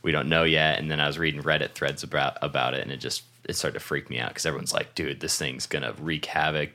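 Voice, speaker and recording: A man's voice: a bass voice, bright, forceful tone. A young man from Washington state, co-hosting a podcast in casual chat, rambling through stories, laughing often and swearing freely. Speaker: podcast co-host.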